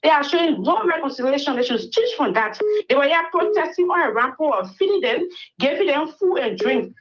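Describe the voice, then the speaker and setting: An earnest woman pleads her case as a caller on a radio show. Her voice is high, and it comes through a dull, muffled phone line. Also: expressive, a little fast. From Liberia.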